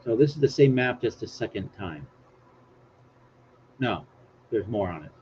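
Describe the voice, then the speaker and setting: A man's voice: fairly low pitch, lively intonation, a little slow, a little mellow. A man hosting a casual live stream, rambling and joking about himself as he reads things off his screen aloud. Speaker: livestream host. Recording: dull lo-fi stream audio with faint hiss.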